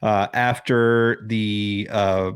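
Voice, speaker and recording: A man co-hosting a horror film podcast over a remote call, retelling scenes with swearing and sudden high-voiced bits. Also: very slow, smooth. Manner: animated, swearing, acts out scenes in high yelps. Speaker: podcast co-host. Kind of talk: casual film chat.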